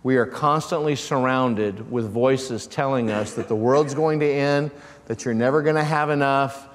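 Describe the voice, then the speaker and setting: A man's voice: medium pitch, normal speed. A man preaching a sermon as pastor, calling out questions to his congregation. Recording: long church reverb.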